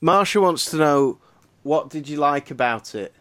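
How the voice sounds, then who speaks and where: A male podcast host talks in an easy, chatty way, his pitch swinging widely as he gets worked up and swears. The sound is dry and close, with no room around it. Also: normal speed, dry recording. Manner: animated, swearing, exasperated rants. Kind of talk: casual chat.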